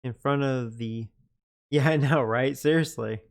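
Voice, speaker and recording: A man's voice: mid-range voice, measured pace, vocal fry. A man chatting casually on a livestream, often breaking into laughter as he talks. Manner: giggly, laughs through his words. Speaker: live streamer.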